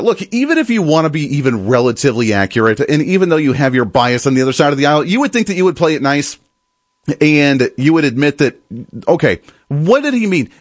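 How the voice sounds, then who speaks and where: A man's voice: a little high, no echo, clean studio sound. A man hosting a political commentary show, talking emphatically and mocking opponents with sarcasm. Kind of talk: opinionated commentary monologue.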